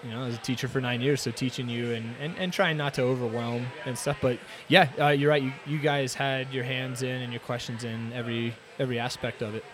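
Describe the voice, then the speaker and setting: A tired man chatting in a relaxed, hesitant way with plenty of fillers. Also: medium pitch, a little fast, few pauses. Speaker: brewer. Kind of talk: casual podcast chat. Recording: crowd noise in background.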